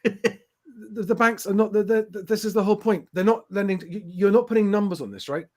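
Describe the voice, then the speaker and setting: A man's voice: high-pitched, brisk, a little mellow. A man hosting a casual live stream, rebutting viewer comments point by point in an emphatic way. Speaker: host.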